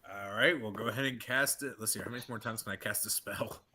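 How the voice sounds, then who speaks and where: A man's voice: lowish voice, fast, pushed and bright, slightly rough. A man playing a tabletop game, chatty and joking, thinking aloud about his spells. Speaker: player.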